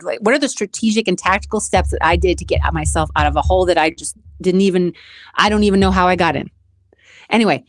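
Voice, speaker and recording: A woman's voice: on the low side, no room sound, studio quality. A woman hosting her own channel, talking earnestly through a personal motivational monologue, repeating phrases for emphasis. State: close to tears at times. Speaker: channel host.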